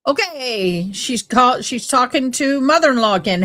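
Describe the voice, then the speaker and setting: A woman's voice: high-pitched, animated, moderate pace, few pauses, a bit bright. A woman hosting a live trial-watch stream, reading letters aloud and breaking off into wry, chatty asides to her viewers.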